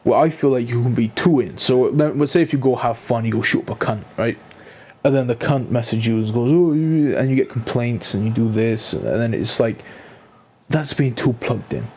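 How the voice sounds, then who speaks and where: A man's voice: medium pitch, moderate pace, a little mellow, husky. Blunt, profane man in casual chat. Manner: blunt, profane, gets heated. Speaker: club member on a podcast.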